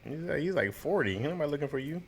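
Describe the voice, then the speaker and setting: Lively-voiced joking man co-host. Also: fairly high pitch, rapid-fire, breathy edge. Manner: joking, laughs often, slangy banter. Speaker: podcast co-host. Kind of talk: casual chat.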